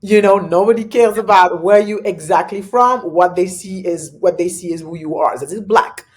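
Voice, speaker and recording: Animated woman with a French accent. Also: moderate pace. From Belgium. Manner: animated, laughs often, pitch jumps when excited. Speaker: guest. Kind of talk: casual interview talk.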